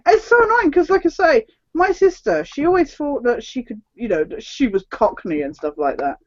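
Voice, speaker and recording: A woman's voice: sits high, big pitch swings, normal speed, muffled recording. A woman from just south of London, chatting casually with a laugh and a self-deprecating manner. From just south of London, England. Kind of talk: casual online chat.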